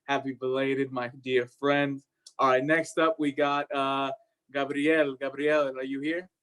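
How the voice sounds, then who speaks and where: A man's voice: medium pitch, flat delivery, a little slow, fairly bright tone. A man hosting an online poetry show over a video call, upbeat and friendly as he introduces each poet. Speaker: host. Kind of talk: casual emcee chat.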